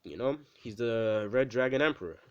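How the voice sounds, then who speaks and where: A man casually retelling an anime fan story, rambling with fillers and quick asides to the listener. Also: mid-range voice, expressive, smooth, highs cut off.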